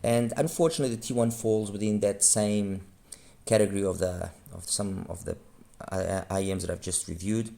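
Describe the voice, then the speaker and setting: A man's voice: fairly low pitch, fairly even intonation, moderate pace, vocal fry, warm tone. A man giving a frank, rambling review of audio gear, often stopping to correct himself mid-sentence. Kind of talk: unscripted review monologue.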